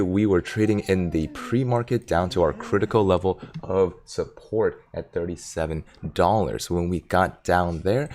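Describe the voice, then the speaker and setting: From his home desk in Silicon Valley, a man with a very deep, gravelly and slightly mellow voice hosts a casual stock market livestream. He chats loosely, reads viewer comments aloud and sometimes stops to talk to his dog.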